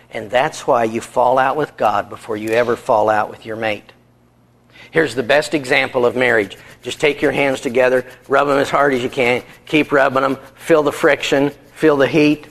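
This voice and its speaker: A man preaching a sermon on marriage, earnest and storytelling, animated in delivery. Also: medium pitch.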